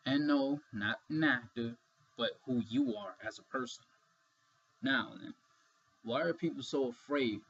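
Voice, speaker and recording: A man's voice: medium pitch, slightly rough, muffled recording. A man talking frankly in a casual monologue vlog, rambling and swearing freely as he goes.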